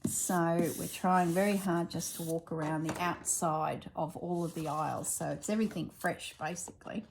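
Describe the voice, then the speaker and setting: Woman, craft vlogger, gravelly low voice, chatty storytelling, faint background noise. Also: fairly even intonation, normal speed. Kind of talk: casual chat while crafting.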